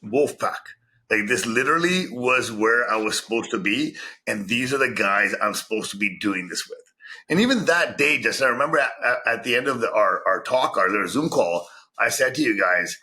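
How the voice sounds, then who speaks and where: A man's voice: mid-range voice, expressive, a little fast, pushed and bright. A man from Vancouver, a podcast guest, telling his story in casual chat and swearing constantly. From Vancouver, Canada.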